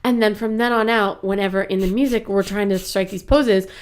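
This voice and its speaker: A woman in her thirties, an improv actress guest on a podcast, telling animated stories in casual chat. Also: medium pitch, slight background noise. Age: 30s. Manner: animated storyteller, laughs often, quick asides.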